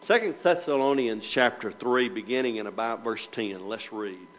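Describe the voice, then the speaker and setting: A man's voice: lowish voice, normal speed, a bit bright, rough recording. A man preaching a Bible class sermon, asking the listeners rhetorical questions and reading scripture aloud in old-fashioned wording. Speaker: preacher teaching church members.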